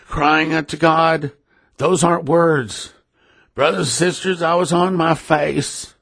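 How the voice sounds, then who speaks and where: A man's voice: fairly high pitch, creaky, fairly bright tone, husky, no echo, studio quality. A middle-aged man giving an earnest, emotional personal testimony to his listeners, often repeating himself. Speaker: ministry leader.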